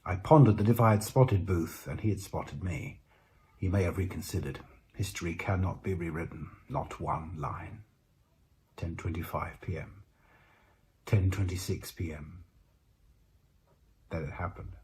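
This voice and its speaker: A man narrating a first-person story aloud in a measured, reflective way with dramatic pauses. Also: low-pitched, dark tone, a little hiss or hum. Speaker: narrator voicing the lead character. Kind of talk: first-person audiobook reading.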